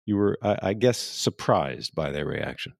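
Deep-voiced male interviewer, dry sound. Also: animated, gravelly, no echo. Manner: measured, summarizing the guest's words. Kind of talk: interview questioning.

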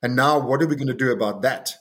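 Older man from South Africa, interview guest; halting and thoughtful, full of fillers and restarts. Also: medium pitch, fairly bright tone. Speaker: interview guest, farm owner. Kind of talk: reflective interview talk.

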